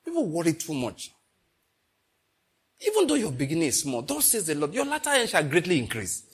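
A middle-aged Nigerian man preaching a sermon, telling stories and slipping into pidgin, moving between loud and hushed delivery. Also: fairly high pitch, wildly swooping pitch, brisk, pauses often, a little hiss or hum. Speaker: pastor. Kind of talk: sermon with storytelling.

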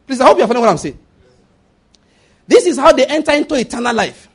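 A high-pitched man delivers a sermon. He presses his points hard and repeats them, and he often stops to ask whether the congregation is following him. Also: big pitch swings, fast talker, breathy edge. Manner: emphatic, repeats points and checks the audience follows. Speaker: preacher.

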